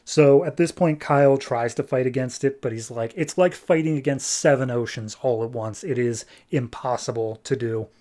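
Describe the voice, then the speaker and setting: A man hosting a podcast, casually retelling a comic book story and slipping into quick character voices. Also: mid-range voice, dark tone. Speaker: podcast host.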